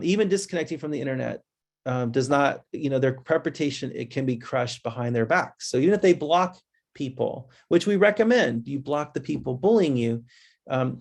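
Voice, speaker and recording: Gravelly man giving a casual webinar talk. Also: a little mellow. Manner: conversational, restless, quick changes of pitch when imitating kids; addresses listeners directly as "guys". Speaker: presenter. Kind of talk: webinar presentation.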